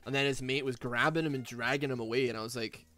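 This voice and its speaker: This Glasgow streamer, a young man with a Glaswegian Scottish accent, rambles casually as he plays a game, saying "like," "man" and "dude" a lot. His voice is mid-range and steady, pushed and bright, at a quick pace, with soft background music.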